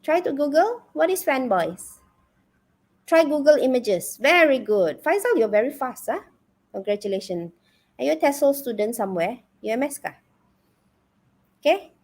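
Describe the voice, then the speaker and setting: A woman with a Malaysian English accent teaches an online English class, her voice pitched a little high. She talks in a lively, animated way and often stops to check in with her students. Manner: lively, checks in with "okay?" and "yeah?". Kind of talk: live webinar lesson.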